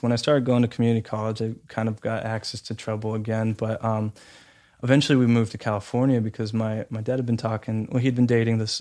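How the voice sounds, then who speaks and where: A man giving a personal testimony, talking hesitantly with many fillers and restarts but growing lively when he quotes people. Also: lowish voice.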